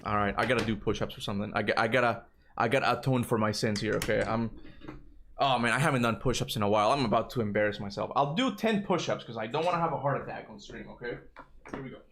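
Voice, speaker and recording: A man in his thirties chatting casually with viewers during a game livestream, excitable and talking straight to his chat. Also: lowish voice, fast talker, a little hiss or hum. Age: 30s. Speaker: streamer.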